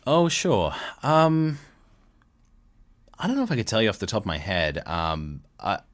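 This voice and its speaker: A man's voice: fairly low pitch, very animated, a little slow, no echo. A middle-aged Australian man with an Australian accent, chatting casually as a voice-actor guest, laughing often and restarting his sentences. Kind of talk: casual interview chat.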